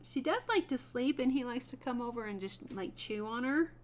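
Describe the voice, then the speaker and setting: Woman with a slightly high voice, chatty craft stream host, laughs a lot and talks to chat. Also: expressive, moderate pace, slight background noise. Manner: chatty, laughs often, talks to viewers by name. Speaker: host of a wood burning livestream. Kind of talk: casual livestream chat while working.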